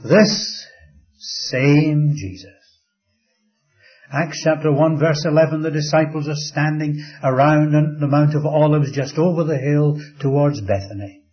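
A man's voice: fairly high pitch, steady tone. Older man preaching a sermon, dull recording. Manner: slow, dramatic storytelling with soft drops to a hush.

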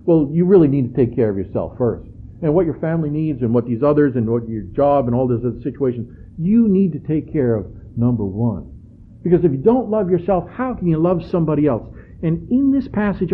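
Male preacher, sermon, earnest emphasis, halting delivery, phone-like church recording. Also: medium pitch, slight background noise. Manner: earnest, rising emphasis on key phrases; halting, frequent uh and restarts. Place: church sanctuary.

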